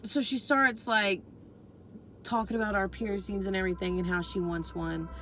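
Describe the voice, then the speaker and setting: A woman's voice: medium pitch, steady tone, normal speed, bright, forceful tone, slight background noise, poor audio. Young woman telling a profane, rambling story. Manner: swears freely, rambling with constant fillers. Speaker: vlogger. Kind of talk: casual storytelling.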